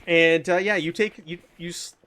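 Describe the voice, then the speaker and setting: A man narrating as game master of a tabletop game, animated and quick to laugh. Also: on the high side.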